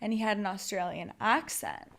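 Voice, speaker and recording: A woman from Oregon, a podcast guest telling her stories in a lively, profane way, with "like" in nearly every sentence. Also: mid-range voice, normal speed, vocal fry. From Oregon, USA. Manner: animated, profane, heavy use of "like". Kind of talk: casual storytelling.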